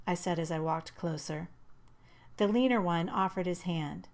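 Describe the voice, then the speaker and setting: Woman narrating a novel in first person, expressive and bouncy. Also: lowish voice, unhurried. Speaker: audiobook narrator.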